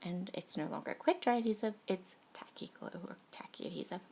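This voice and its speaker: A woman in her thirties, hoarse from a cold, chatting casually and gushing over cute things while she works on a scrapbooking project. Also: on the low side, a little fast, darkish tone. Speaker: scrapbooking crafter. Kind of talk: casual crafting tutorial chat.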